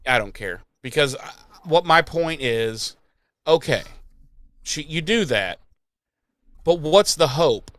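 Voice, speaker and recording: A man's voice: fairly high pitch, sing-song, slow, long pauses, a bit bright, no room sound. A man hosting a podcast, recapping an episode in a rambling, sarcastic and profane casual chat. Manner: rambling, sarcastic, swears freely. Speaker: podcast host.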